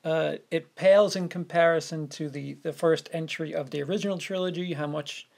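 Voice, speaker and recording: A podcast co-host with a steady, gravelly, darkish voice on the high side chats casually about a film. His speech is halting, and he often repeats words while searching for how to phrase things.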